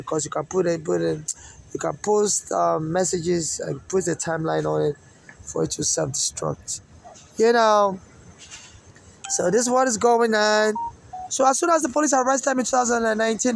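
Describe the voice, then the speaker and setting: A man's voice: high-pitched, gravelly, a little hiss or hum, poor audio. A man from Nigeria with an accent that mixes Nigerian and American English, rambling through a personal monologue and circling back to the same points again and again. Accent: mixed Nigerian and American English.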